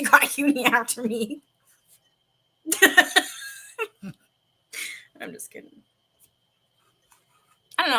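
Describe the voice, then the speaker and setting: Bright, laughing woman host. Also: medium pitch. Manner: laughing, rambling storyteller. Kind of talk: casual chat and reading ghost stories.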